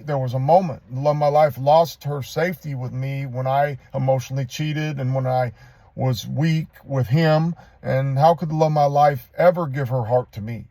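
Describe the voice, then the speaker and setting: A man speaks in a dark, mellow voice, earnest and confessional as he works through his own story. He rambles and halts, restarting his sentences often. The sound is close and dry, with no room around it. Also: medium pitch, no room sound. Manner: halting, rambling, with many restarts. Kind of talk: personal testimony monologue.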